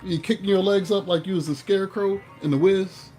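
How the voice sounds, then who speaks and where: A man giving a casual tarot reading, playful and animated, breaking into joking mock voices. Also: high-pitched, a little fast, faint music behind. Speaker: tarot reader.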